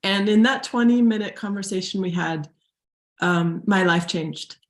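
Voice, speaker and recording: A woman's voice: mid-range voice, a little slow. Earnest American woman in a roomy echo. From United States. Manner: earnest, laughing, near tears at times. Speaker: guest, spiritual teacher and healer. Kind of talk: emotional personal story in an interview.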